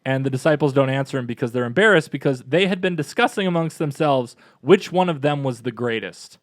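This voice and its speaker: A man co-hosting a parish podcast in a casual, chatty and upbeat way, with quick asides. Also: mid-range voice, animated, no echo, studio quality. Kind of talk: casual chat.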